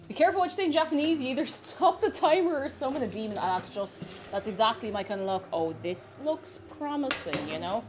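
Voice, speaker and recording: A woman's voice: on the high side, lively intonation, a little fast. An Irish woman streaming live as she bakes, chatting in a rambling way and greeting viewers from chat. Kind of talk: casual chat while baking on stream.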